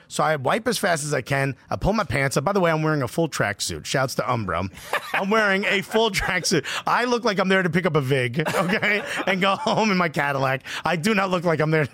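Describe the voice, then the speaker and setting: A man's voice: high voice, dry recording. A man from Newark, co-hosting a podcast, telling a funny story with lots of laughter and acted-out quotes. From Newark, United States. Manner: animated, laughing, acts out every voice in his story. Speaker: podcast co-host. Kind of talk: casual comedic storytelling.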